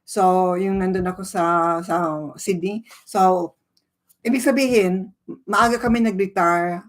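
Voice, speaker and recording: A woman's voice: on the low side, steady tone, measured pace. Older Filipino woman chatting on a livestream. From Philippines. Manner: reads out viewer names and greetings, switching between English and Tagalog. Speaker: livestream host. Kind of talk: casual livestream chat.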